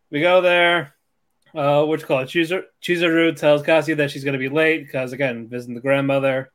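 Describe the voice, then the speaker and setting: A man's voice: a little high, moderate pace. A man co-hosting a podcast, casually recapping episodes in a rambling way, swearing and laughing as he acts out characters' lines. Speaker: podcast co-host.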